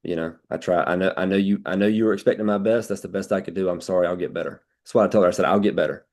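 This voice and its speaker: A man's voice: low voice, fairly even intonation, rapid-fire, darkish tone. A man, telling a blunt, folksy sales story on a team call, quoting his own dialogue with many restarts.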